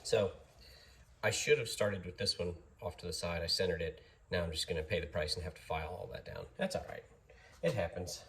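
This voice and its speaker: A man with a fairly deep voice narrates a home-garage repair project in a relaxed, chatty way. He pokes fun at his own slip-ups as he goes. The recording is noisy, with workshop tool sounds plainly audible throughout. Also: brisk. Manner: chatty and easygoing, jokes at his own mistakes. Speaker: DIY garage host. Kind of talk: casual workshop how-to narration.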